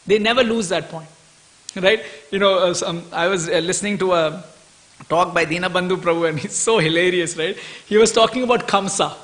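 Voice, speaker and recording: A man gives a lively scripture class at a temple. His voice sits high and sounds bright and forceful. He chuckles often and keeps checking in with his listeners. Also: brisk. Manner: animated, chuckling, asks "right?" often.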